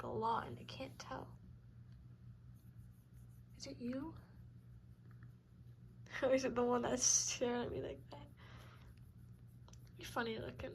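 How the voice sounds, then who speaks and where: High-pitched woman cooing to kittens. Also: a little hiss or hum, low-quality recording. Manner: cooing baby talk, soft and hushed at times. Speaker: cat breeder. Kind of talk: casual talk to kittens.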